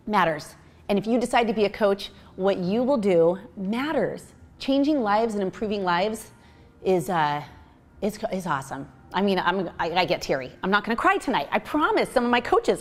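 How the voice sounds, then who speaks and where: A woman in her thirties talks in a casual, upbeat way as a team coach pitching the job to newcomers. Her talk is chatty and full of fillers and restarts, at an everyday middle pitch.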